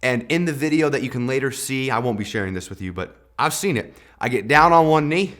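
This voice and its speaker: A young man hosting a devotional talk, telling a personal story in a conversational way with lively swings in loudness. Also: mid-range voice, fairly quick. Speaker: devotional host.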